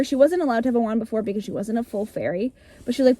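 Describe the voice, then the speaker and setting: Young adult woman, high-ish voice, animated casual storyteller with a loose swearing streak. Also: racing, dry recording. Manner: animated, breezy, swears freely, acts out lines. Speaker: vlogger retelling her childhood story.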